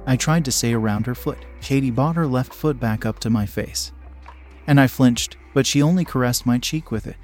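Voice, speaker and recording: A man narrating a first-person story in a steady, measured way. His voice sits in an ordinary middle pitch. Faint music plays underneath the reading.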